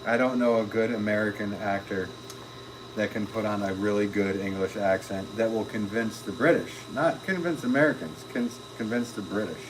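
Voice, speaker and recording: A man's voice: lowish voice, moderate pace. A middle-aged man chatting casually during a pottery livestream, rambling and reading out viewer comments with many fillers and restarts. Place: pottery studio. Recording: steady noise in the background.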